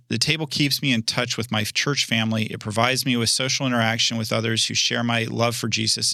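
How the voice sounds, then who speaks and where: A man's voice: medium pitch, gravelly, bright, forceful tone, no room sound, studio quality. A man with a Southern accent reading a listener letter aloud on a church podcast, in a playful, self-mocking way. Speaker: podcast co-host.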